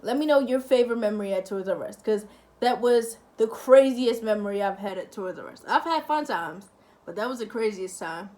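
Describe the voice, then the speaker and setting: A young woman vlogger telling a casual story to camera, chatty and lively, acting out the other people. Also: mid-range voice, fairly quick. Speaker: family-channel vlogger.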